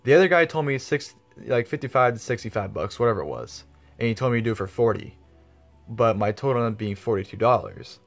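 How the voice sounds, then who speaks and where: A man's voice: medium pitch, animated, fast talker, gravelly, faint music behind. A man telling a story in a casual vlog, rambling with lots of fillers and swearing freely. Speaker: vlogger.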